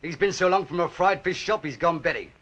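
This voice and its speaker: A brash lighthouse keeper, full of gruff wisecracks. His bright, husky voice swings up and down. The sound is muffled, like an old 1930s film soundtrack. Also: high-pitched, a little fast. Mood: wisecracking. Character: brash cocky male London lighthouse keeper.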